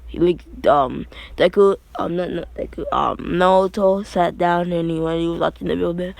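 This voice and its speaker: A man's voice: high voice, steady tone, moderate pace, vocal fry, darkish tone, no echo. A young man casually retelling an anime fan story, rambling with many fillers and restarts.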